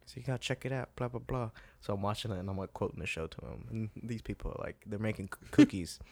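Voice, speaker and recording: A young man co-hosting a casual podcast, an animated storyteller who swears and laughs a lot. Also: fairly low pitch, fast. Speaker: podcast co-host. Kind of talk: casual chat.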